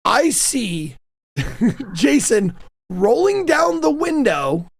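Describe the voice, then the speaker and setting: Gravelly, animated man telling stories. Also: extremely high pitch, very slow, no room sound. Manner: animated, laughing storyteller. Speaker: host interviewing his mother. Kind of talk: casual storytelling chat.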